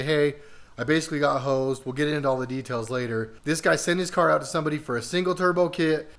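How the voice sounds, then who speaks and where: A man's voice: fairly high pitch, fairly bright tone. A man hosting his own car vlog, talking casually and rambling a little with many fillers, walking through prep in his garage. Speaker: car vlogger. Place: home garage.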